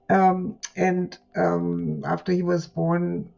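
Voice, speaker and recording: A woman's voice: on the low side, flat delivery, extremely slow, vocal fry, warm tone, highs cut off. A woman in her eighties from Germany with a German accent, chatting as an interview guest and rambling with fillers. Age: 80s.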